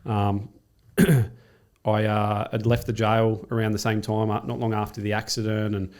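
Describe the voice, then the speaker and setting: A man's voice: lowish voice, little pitch movement, a little slow, darkish tone. A man in his thirties with an Australian accent, a podcast guest telling stories casually, swearing freely. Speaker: podcast guest, triathlete and coach. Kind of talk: casual storytelling.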